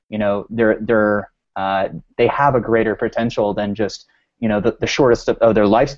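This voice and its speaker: A man's voice: on the low side, darkish tone, muffled recording. A man co-hosting a podcast, musing aloud in a rambling way full of restarts and fillers. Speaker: podcast co-host. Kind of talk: casual podcast discussion.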